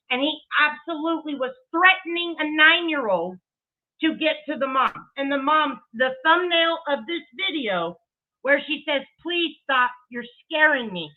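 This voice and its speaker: A woman giving a heated, profane commentary rant with emphatic delivery and laughing asides. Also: high-pitched. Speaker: commentary streamer. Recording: tinny phone-like audio.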